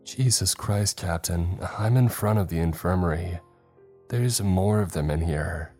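A man's voice: sits low, a little slow, dark tone, faint music behind. A man voicing a terrified young male crewman calling over the radio in frantic panic. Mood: frightened.

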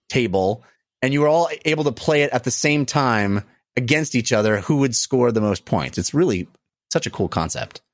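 A man's voice: medium pitch, no echo, clean studio sound. A man hosting a podcast in a casual, enthusiastic chat. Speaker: podcast host.

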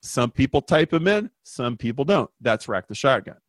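Brief: male guest consultant, emphatic and animated storyteller, mid-pitched, dry close mic. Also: moderate pace, dry recording. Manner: animated, emphatic, acts out quoted voices. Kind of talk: storytelling in a podcast interview.

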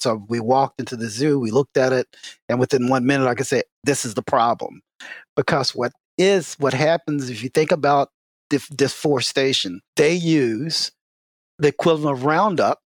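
A man speaking as an expert guest in a casual interview, telling stories in an animated way with many "you know" fillers. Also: no echo, studio quality. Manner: lively, swings in pitch. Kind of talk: casual explanatory interview talk.

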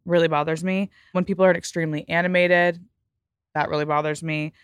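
A young woman hosting a casual podcast chat, blunt and animated, acting out little quoted voices. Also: fairly low pitch, a little fast, clean tone, no room sound. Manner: animated, mimics others in quoted asides. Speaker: podcast host.

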